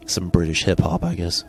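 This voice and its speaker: A man with a Midwestern American accent talks over his gameplay in a loose, rambling way, drifting from joke to tangent. His voice sits fairly low. A faint hum sits under him. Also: gravelly. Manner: rambling, jokey, wanders off on tangents. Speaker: let's play host. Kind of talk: casual gameplay commentary.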